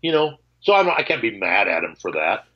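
A man's voice: fairly low pitch, sing-song, a little fast, vocal fry, dull audio. A man, a guitarist, telling candid stories on a call. He acts out both sides of old conversations and swears freely. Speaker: guitarist guest.

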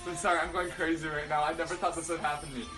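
A young man, starstruck and breathless, babbles and laughs as he talks. Loud music plays right over his voice in the clip. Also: fairly high pitch, level tone, racing. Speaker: fan meeting a singer. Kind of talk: excited fan talk in a clip.

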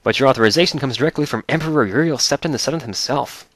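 A man's voice: mid-range voice, racing, a bit bright, no echo, voice pushed up, natural voice. A man reading aloud the lines of a formal imperial captain who greets a freed prisoner in a video game.

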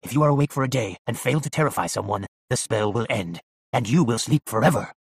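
A man playing an old evil sorcerer who speaks in a hushed, commanding, pompous way in an audiobook. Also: medium pitch, animated, fast talker, slightly rough, no room sound. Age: over 60.

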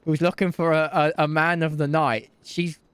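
Man, high voice, dry close sound, brash, crude, rambling, game role-play. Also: level tone, moderate pace, clear, resonant tone, no room sound. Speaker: streamer playing a role-play character.

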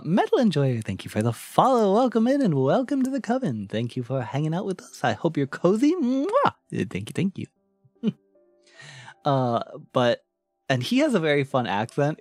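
A man's voice: a little high, sing-song, moderate pace, no room sound, soft background music. A man streaming in a casual chat, thanking followers, rambling through fillers and restarts, and laughing often. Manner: rambling, with frequent fillers and self-restarts, giggly.

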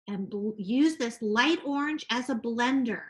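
A woman art teacher gently talking children through a painting demonstration, encouraging and sing-song. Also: a little high, a little slow.

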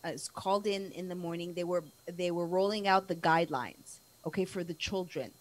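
A woman's voice: on the low side, a little fast, rough recording. A woman journalist as a guest on a casual live-stream talk show, talking in a rambling way with many restarts.

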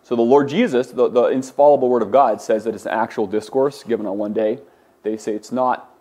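This man teaches a Greek class with a warm, mid-range voice, fairly even intonation, and a slightly fast pace. His lecturing is conversational, full of fillers and restarts.

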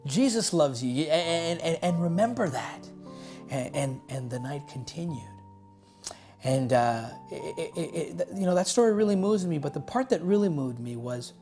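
Halting storytelling pastor over faint music. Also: male voice, fairly high pitch, expressive, darkish tone. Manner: halting, many fillers and restarts. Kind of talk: storytelling sermon.

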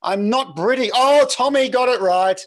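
A man's voice: extremely high pitch, normal speed. A middle-aged man with a slightly mixed Australian accent gives a chatty, joking online lecture as a professor. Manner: lively, jokey, chatty, reads chat aloud. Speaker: professor giving a webinar.

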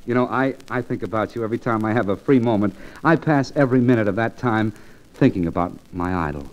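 A man's voice: on the low side, fast talker. A man hosting a 1940s radio show, with a florid, showy announcer delivery in comedy banter. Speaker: radio host. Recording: dull old radio transcription.

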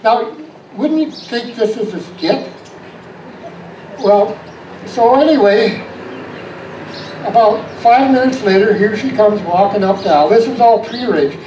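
A man preaching a storytelling sermon, moving from animated anecdote to soft reflection. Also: sits high, measured pace, long pauses, dull audio, a little hiss or hum. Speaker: pastor. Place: church sanctuary. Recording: echoey church room, voice from far off.

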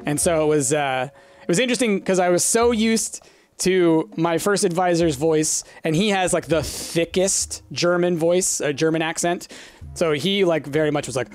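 Rambling let's play host, lively pitch. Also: normal speed, faint music behind. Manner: rambling, self-deprecating asides. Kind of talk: casual gameplay commentary.

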